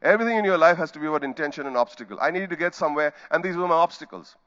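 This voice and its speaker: A middle-aged Indian-accented man tells a story from the stage, his voice pitched a little high and swinging wide as he acts out each scene. He throws in sound effects and quoted voices. The conference recording sounds dull and lo-fi. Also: animated, rapid-fire, a bit bright. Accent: Indian English. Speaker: keynote speaker. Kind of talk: storytelling keynote speech.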